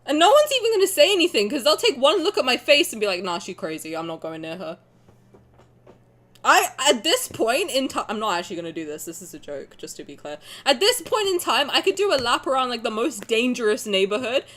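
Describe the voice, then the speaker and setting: A woman streaming a game, chatting in an excitable, laughing way that bursts into yells. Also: sits high, fast, few pauses. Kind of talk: excited casual reaction stream chat.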